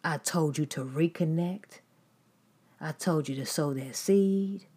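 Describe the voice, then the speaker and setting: A woman delivers a sermon, her voice sitting a little low for a woman. She drives her points home through emphatic repetition, stacking line after line. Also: takes it slowly, mellow, breathy edge. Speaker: preacher.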